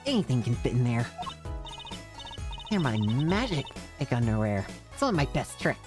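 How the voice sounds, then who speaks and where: A man's voice: mid-range voice, very animated, moderate pace, natural voice. A man voicing a bubbly, teasing teenage girl stage magician as he reads game dialogue aloud. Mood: playful. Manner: teasing, chirpy and playful. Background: game music.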